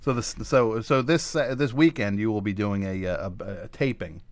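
A man's voice: on the low side, steady tone, moderate pace, a little hiss or hum. A man hosting a radio show in a studio, running a casual interview with short backchannels and follow-up questions. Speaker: radio host.

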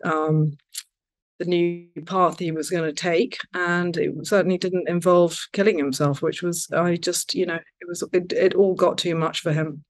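Rambling woman, halting restarts. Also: lowish voice, steady tone. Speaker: interview guest. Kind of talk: casual conversational interview.

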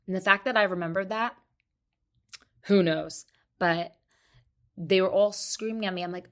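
Profane, animated woman telling stories. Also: mid-range voice, moderate pace, long pauses. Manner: animated, blunt and profane, laughs at herself. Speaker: podcast host. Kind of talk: casual storytelling monologue. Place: hotel room.

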